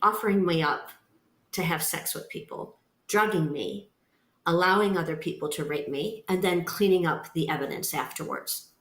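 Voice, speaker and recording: A woman's voice: lowish voice, moderate pace, a bit bright. A woman sharing her personal story as a podcast guest, speaking in an earnest, emphatic way. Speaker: guest, nonprofit founder. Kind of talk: personal testimony in a podcast interview. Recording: roomy echo.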